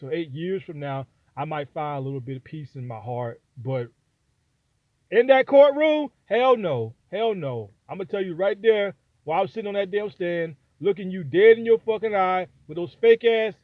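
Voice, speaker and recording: Brief: fired-up high-pitched man, AAVE, profane vlog rant, tinny phone-quality audio. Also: lively intonation, moderate pace, no echo. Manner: heated, profane, repetitive. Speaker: vlogger giving opinion. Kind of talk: angry opinion rant. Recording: dry, phone-like sound.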